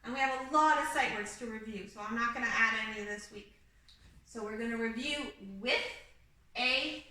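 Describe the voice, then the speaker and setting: A woman's voice: fairly high pitch, sharp tone. A young woman teaching a kindergarten video lesson, patient and sing-song, drilling words one at a time for small children. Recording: echoey room, mic at a distance.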